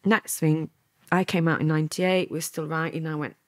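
A woman's voice: sits low, fairly even intonation, brisk, no echo, studio quality. A woman in her fifties with a Lancashire accent, telling her life story as a guest in a candid interview, chatty and laughing often. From England. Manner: chatty, laughing, acts out quotes.

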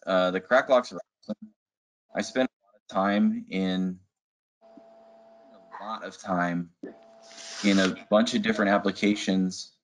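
A man working as a sales manager who talks casually and enthusiastically in a webinar, with frequent fillers. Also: fairly low pitch. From Arizona. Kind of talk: webinar presentation. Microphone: video call.

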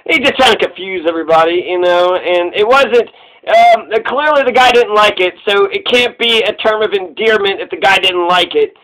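A man's voice: high-pitched, normal speed, a bit bright, poor audio. A man giving casual, rambling commentary in a sarcastic, repetitive way.

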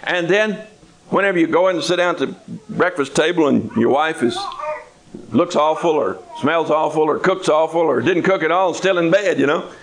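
Male preacher, sermon, folksy, humorous, conversational, fairly high-pitched. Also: moderate pace, rough recording.

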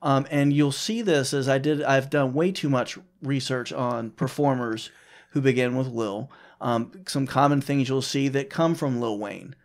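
A man's voice: mid-range voice, measured pace. A man co-hosting a podcast in casual chat, with dry, wry asides. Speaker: podcast co-host.

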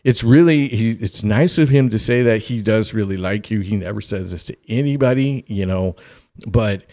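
A man voicing a young woman, the daughter, who speaks quietly and hesitantly in a low, soft voice. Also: moderate pace, close to an everyday voice.

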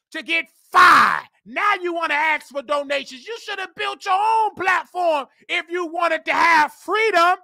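A woman hosts a talk show in a very high, bright voice with a gravelly edge. She rants fiercely and preaches, often breaking into shouts. The sound is dry and close. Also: no echo. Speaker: host. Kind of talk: ranting commentary.

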